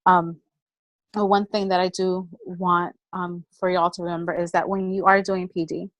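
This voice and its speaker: A woman giving a personal motivational talk in an energetic, chatty storytelling manner. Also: lowish voice, moderate pace, no room sound, low-quality recording. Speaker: motivational speaker.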